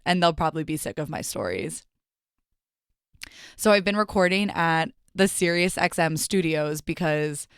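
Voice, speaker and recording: A woman's voice: deep voice, fairly bright tone, clean tone, no echo. A young woman hosting her podcast, telling stories in a chatty, profane way from a studio mic. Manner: chatty, profane, storytelling with asides. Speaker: podcast host. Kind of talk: casual solo podcast monologue. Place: radio studio.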